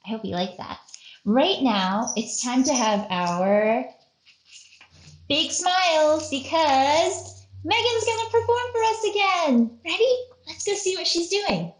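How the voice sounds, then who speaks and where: A woman's voice: high voice, expressive, takes it slowly, echoey room, low-quality recording. A woman leading a playful art lesson for children, acting out faces and little voices as she goes. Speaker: museum educator.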